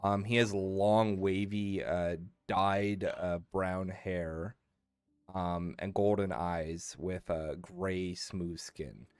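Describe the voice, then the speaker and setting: A man's voice: low voice, fairly even intonation, drawn-out words, a little mellow, clear, resonant tone, no echo, clean studio sound. Laid-back male game master. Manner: casual, laughing, lots of fillers. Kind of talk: narrating a tabletop role-playing game.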